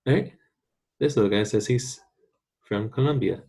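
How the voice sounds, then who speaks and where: A man from the United States teaching a recorded online Spanish lesson, patiently repeating words slowly for students to practice. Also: medium pitch, mellow.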